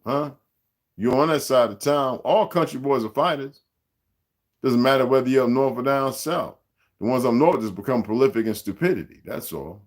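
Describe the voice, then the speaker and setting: A man in his sixties hosting a livestream, speaking in a rambling, profane, streetwise rant aimed straight at his viewers and chat. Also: medium pitch. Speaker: livestream host.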